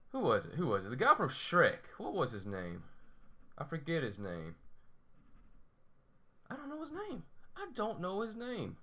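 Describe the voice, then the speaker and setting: Bright and forceful in tone, with a lowish voice, a young man rambles while sketching for a drawing tutorial. He talks to himself, laughs often, and mocks his own drawing in a self-deprecating manner.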